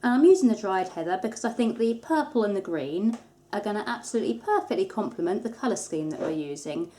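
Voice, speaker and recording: A woman's voice: medium pitch, expressive, quick pace, mellow. A woman, hosting a craft tutorial in a casual, chatty manner with light self-deprecating humour. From England. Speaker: soap maker, tutorial host.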